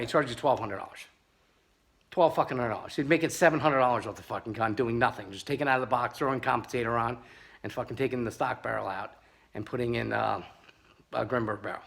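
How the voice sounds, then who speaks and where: Gravelly man on a profane angry rant. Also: mid-range voice, a bit bright. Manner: angry, profane, sarcastic ranting. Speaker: pepperball gun seller and reviewer. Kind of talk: ranting while test firing.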